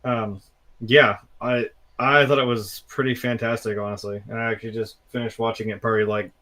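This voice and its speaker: A man's voice: medium pitch, brisk. Easygoing male co-host. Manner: relaxed, hesitant, many fillers. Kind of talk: casual movie review chat.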